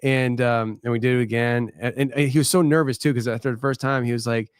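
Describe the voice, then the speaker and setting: A tired man hosting a late-night live show, talking in a halting, rambling, candid way. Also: medium pitch, fairly even intonation, smooth, dry recording, studio quality. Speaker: podcast host.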